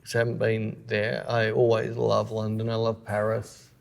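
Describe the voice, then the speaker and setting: Teasing man with a gravelly voice. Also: fairly low pitch, monotone, normal speed. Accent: Australian. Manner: teasing, dry joking. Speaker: podcast co-host, photographer. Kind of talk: casual chat.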